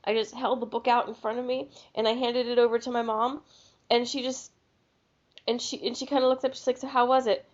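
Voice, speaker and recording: A woman's voice: fairly high pitch, flat delivery, a little fast. Storytelling woman on lo-fi audio. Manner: rambling storyteller with frequent restarts. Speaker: podcast co-host. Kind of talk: casual chat. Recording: lo-fi podcast audio.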